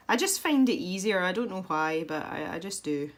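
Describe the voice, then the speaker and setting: A woman's voice: on the low side, expressive, unhurried. A woman talking casually as she colours, giving chatty tutorial tips in a self-deprecating way.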